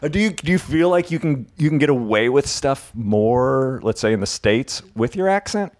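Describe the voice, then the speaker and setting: A man's voice: medium pitch, expressive, normal speed, a little mellow. A man hosting a podcast, tired and meandering, laughing as he talks. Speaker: podcast host. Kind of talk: casual podcast chat.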